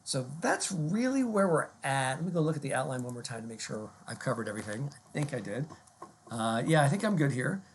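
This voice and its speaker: A man talks through a recorded lecture at a middle pitch, conversational and full of ums and rhetorical questions. A faint hiss sits under his voice at the computer. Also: very animated, brisk.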